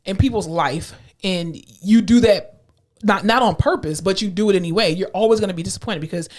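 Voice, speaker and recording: A woman co-hosting a casual podcast, her voice sitting in a middle pitch. She talks loosely and animatedly about her work as an ICU nurse, jumping high in pitch to act out what people say. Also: fairly quick. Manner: animated, acts out quoted voices with big pitch jumps. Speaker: podcast co-host. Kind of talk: casual chat.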